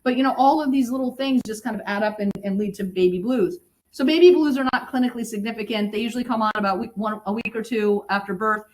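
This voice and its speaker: A middle-aged woman, a birth educator, explaining in lively conversation and sometimes acting out what new mothers say. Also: on the high side, quick pace, rough recording. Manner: animated, acts out quoted moms.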